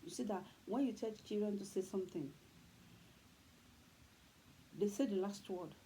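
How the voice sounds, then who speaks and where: This parenting talk host, a middle-aged woman with a Nigerian Yoruba accent, speaks at a moderate pace in a mellow, medium-pitched voice. She's earnest and preachy, hammering her points through repetition, and the low-quality recording carries faint background noise.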